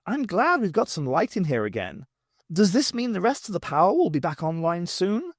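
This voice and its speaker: A man's voice: sits high, very animated, unhurried, no room sound, studio quality, pitched above the performer's own voice, full character voice. A man reading an audiobook, voicing a spirited young woman companion who asks teasing, quizzical questions in a raised voice. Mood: wry. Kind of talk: audiobook character voice.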